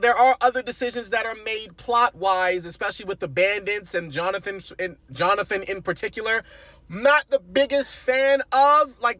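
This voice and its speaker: Young guy ranting about a movie, really high bright voice, cussing, dry close mic. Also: no echo. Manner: animated, exasperated and profane, bursts into shouts. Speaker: movie reviewer. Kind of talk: casual movie review rant.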